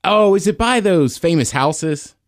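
Co-host: man, higher voice that swings a lot, dry close sound, jumps in with guesses. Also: lively intonation, a little slow, no room sound. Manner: eager, chiming in with guesses. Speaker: podcast co-host. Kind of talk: casual chat.

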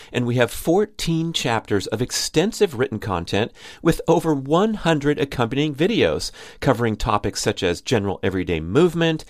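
A man's voice: mid-range voice, dry recording, studio quality. A man enthusiastically reading a scripted ad for his own course. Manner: enthusiastic, salesy. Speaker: podcast host reading an ad. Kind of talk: scripted ad read.

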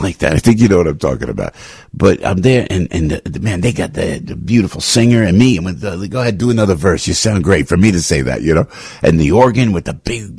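An older man hosting a radio talk show, telling anecdotes in an emphatic, repetitive, rambling way with sudden swings in pitch. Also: vocal fry, a little mellow, husky, dry recording, studio quality. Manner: emphatic, repetitive, restarts often. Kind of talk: rambling opinion monologue with anecdotes.

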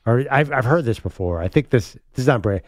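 A man co-hosting a sports talk radio show, skeptical and measured in casual banter. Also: medium pitch, lively intonation, no room sound, clean studio sound.

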